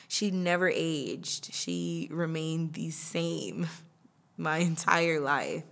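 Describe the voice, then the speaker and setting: A young woman with a slightly low voice talks through her year on her own podcast. She is chatty and laughs often, and she slips into other people's voices when she quotes them. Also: expressive, drawn-out words, vocal fry, a bit bright. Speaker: podcast host. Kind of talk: casual personal monologue.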